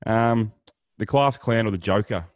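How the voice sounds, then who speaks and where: A man co-hosting a casual podcast, speaking in relaxed, blokey banter. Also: on the low side, measured pace, no echo. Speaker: podcast co-host.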